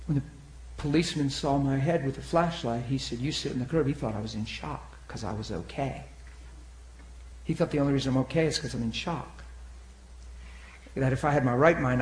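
Animated preacher man in an echoey room. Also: mid-range voice. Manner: animated, swings between loud and hushed. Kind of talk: sermon testimony storytelling. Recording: echoey room with faint noise.

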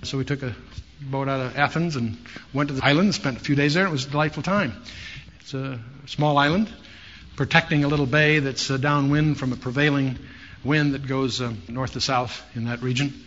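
A man's voice: mid-range voice, fairly even intonation, brisk, fairly bright tone. A man teaching a Bible study in a conversational way, with storytelling asides. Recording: dull lo-fi sound with faint hiss.

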